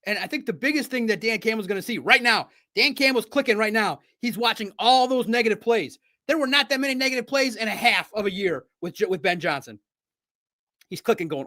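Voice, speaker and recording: A man hosting a live sports stream, talking in an excitable, rambling, chatty way from a home studio. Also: high-pitched, fairly quick.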